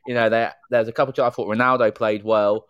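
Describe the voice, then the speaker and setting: A man's voice: fairly low pitch, level tone, fast talker, clean tone, dry recording, highs cut off. A man co-hosting a casual podcast chat, talking freely and filling with "you know". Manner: chatty, strings thoughts with "you know". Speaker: podcast co-host.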